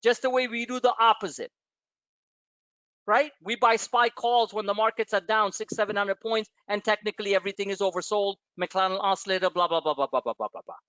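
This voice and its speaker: A man hosts a live stock-trading webinar in a high-pitched, brisk voice, chatting casually and animatedly with profane asides and rambling detours into personal stories. The audio is dull, with no echo.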